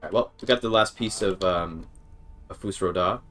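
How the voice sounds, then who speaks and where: Talking at a moderate pace in a deep, fairly bright voice, a man streams a video game with faint music behind him. He chats casually with his audience, though frustration brings out swearing and restarted sentences.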